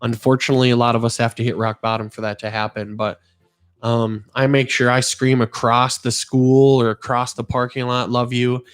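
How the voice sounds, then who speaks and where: Middle-aged guy rambling earnestly on his podcast, average pitch, casual chat. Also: moderate pace, clear, resonant tone. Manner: earnest, rambling, animated storytelling. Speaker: podcast host.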